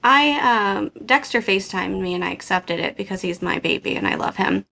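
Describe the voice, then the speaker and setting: A woman co-hosting a podcast, telling lively, laughing stories about her kids in a casual chat. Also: mid-range voice, a little fast, gravelly. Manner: animated, laughing anecdote-teller. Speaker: podcast co-host.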